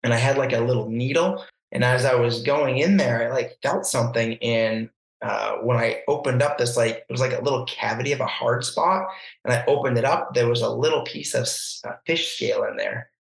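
A man tells a story as a podcast guest, chatty and animated, slipping into the voices of the people he quotes. His voice has an average pitch. The room around him gives a clear, roomy echo. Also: brisk. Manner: animated, acts out quoted voices, laughs often. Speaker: podcast guest, barefoot water skier. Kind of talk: casual storytelling.

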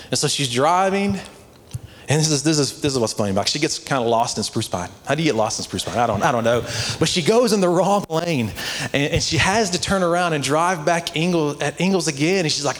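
A man's voice: a little high, brisk, slight background noise. A man preaching a sermon, telling a story conversationally and building to earnest, passionate exhortation. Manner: conversational storytelling with many "like" fillers.

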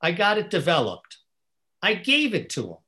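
Earnest, animated storytelling man. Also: high-pitched, moderate pace, a little hiss or hum. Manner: earnest, animated storyteller who acts out dialogue. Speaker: guest. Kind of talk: storytelling in a podcast conversation.

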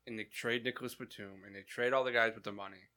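A man's voice: lowish voice, steady tone, quick pace, sharp tone. A man co-hosting a casual sports podcast, loose and candid about what he doesn't know. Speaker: podcast co-host.

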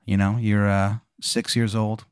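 A man's voice: on the low side, level tone, a little slow, clean tone, no echo, studio quality. A man improvising a story as game master, rambling with many fillers.

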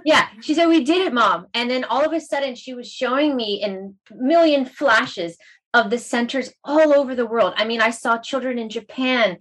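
A middle-aged woman, a meditation teacher, telling a heartfelt story in a casual conversation, animated and emotional. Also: fairly high pitch, normal speed, low-quality recording.

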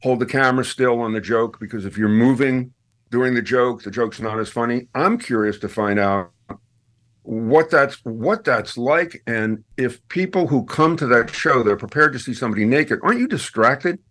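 A man appearing as a guest on a radio show, chatting casually and telling stories with lively swings up in pitch for punchlines. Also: normal speed. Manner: animated storyteller, swings high for punchlines. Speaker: guest, podcast host.

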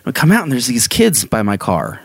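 A man telling a story in a relaxed chat, his pitch swinging up and down with animated, laughing delivery. He acts out the voices of the people he quotes, and the sound is close and dry with no room echo. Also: brisk, vocal fry. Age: adult, married. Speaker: podcast co-host telling stories.

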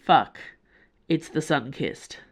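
A woman's voice: low-pitched, animated, slow pace, exaggerated voice. A woman reading a story and voicing a grim male starship officer who speaks in terse, clipped lines. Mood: tense. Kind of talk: audiobook character voice.

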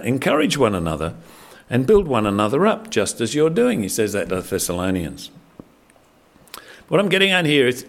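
Middle-aged man preaching conversationally. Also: mid-range voice. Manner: conversational, animated preaching with frequent fillers and restarts. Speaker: pastor. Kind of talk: sermon.

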